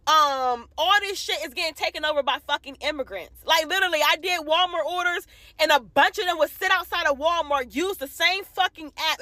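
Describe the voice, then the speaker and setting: Woman, furious profane rant to camera, high-pitched voice. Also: sharp tone, no echo. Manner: heated, profane, repetitive. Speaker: commentator ranting to camera.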